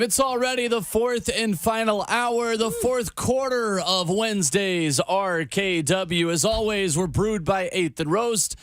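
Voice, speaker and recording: A man hosting a sports radio show in a studio, playful and quick to laugh in casual banter. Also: high-pitched, fairly bright tone, no echo.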